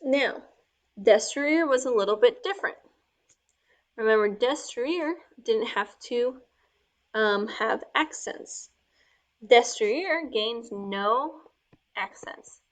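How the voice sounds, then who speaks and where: Woman, teacher, slow step-by-step explaining, slightly high voice, soft murmurs while writing. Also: lively intonation. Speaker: Spanish teacher.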